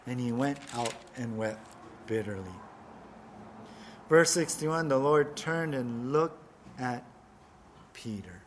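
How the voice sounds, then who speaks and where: A man preaching a sermon, retelling a scripture story in a slow, halting way and voicing the people in it. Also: mid-range voice, a little hiss or hum. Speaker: pastor.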